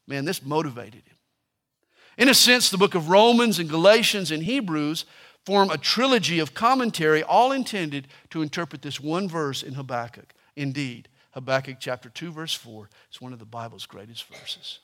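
A man's voice: on the high side, animated, moderate pace, a bit bright. A man preaching a sermon, emphatic and repeating scripture lines with building force.

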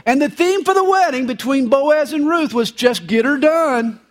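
Punning pastor with a high voice. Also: male voice, expressive, normal speed. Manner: folksy punning humor. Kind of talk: sermon. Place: church service, live.

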